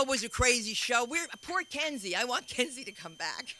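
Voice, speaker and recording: Bright-voiced rambling woman comedy host. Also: on the high side, big pitch swings, normal speed, hardly any pauses, slight background noise, rough recording. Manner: rambling, self-interrupting storytelling. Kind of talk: stand-up emcee banter.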